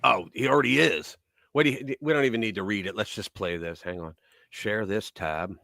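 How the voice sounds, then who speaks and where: A man hosting a live news talk stream, talking in a casual, mocking way and swinging between loud remarks and muttered asides. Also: fairly low pitch, brisk, creaky, dry recording.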